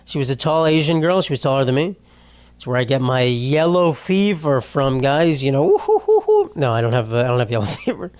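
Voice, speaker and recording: A man's voice: medium pitch, brisk, smooth. Rambling, swearing young man hosting a podcast. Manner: rambling, self-deprecating, swears often and laughs mid-sentence. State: tearful after a loss. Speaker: podcast host. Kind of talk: casual solo podcast monologue.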